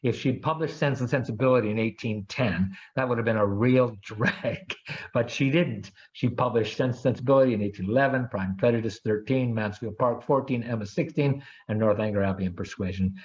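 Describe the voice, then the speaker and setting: A man's voice: mid-range voice, fairly quick, darkish tone, highs cut off. A man giving an academic lecture with enthusiasm, often restarting with fillers.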